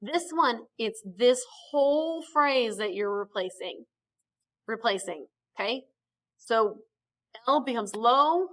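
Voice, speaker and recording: A woman's voice: on the high side, expressive, slow, fairly bright tone. A woman teaching a Spanish grammar lesson in a recorded video, explaining patiently step by step and checking in with frequent okays.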